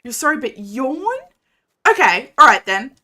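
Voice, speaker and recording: A young adult woman, chatting casually with her viewers during a game stream and launching into animated rants. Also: on the high side, a little slow.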